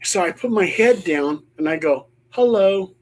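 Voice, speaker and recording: A man's voice: on the high side, expressive, moderate pace. A middle-aged man, a paranormal investigator, telling a ghost story on a panel show and acting out the voices he quotes.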